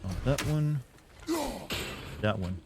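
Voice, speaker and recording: A man's voice: fairly low pitch, expressive, takes it slowly, vocal fry, background noise. A young man from the American South with a subtle Southern US accent, chatting casually and self-deprecatingly as he streams a game. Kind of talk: casual gameplay commentary.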